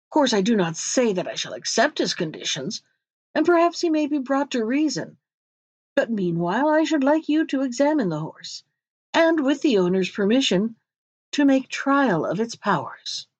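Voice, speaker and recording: A woman's voice: fairly high pitch, big pitch swings, normal speed, dry recording, muffled recording. A woman reading the part of a king who is commanding but fretful, in a storybook reading. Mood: deliberating. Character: anxious, imperious old king.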